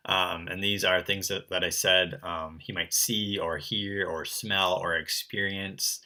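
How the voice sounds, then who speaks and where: A young man teaching an online art lesson to children, chatty and relaxed, with lots of fillers. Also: low-pitched, a little slow. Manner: relaxed and chatty, full of um and kinda.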